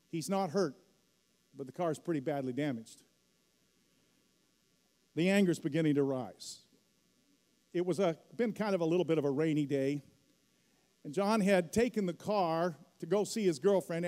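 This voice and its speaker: A man's voice: high-pitched, darkish tone. A middle-aged man preaching a sermon as pastor, telling a story and rising to emphatic peaks. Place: church hall. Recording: long hall reverb.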